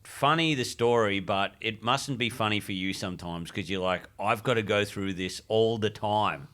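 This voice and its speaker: A man co-hosting a comedy podcast, chatty and quick to laugh and agree. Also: lowish voice, a bit bright. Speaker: podcast co-host. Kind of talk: casual podcast chat.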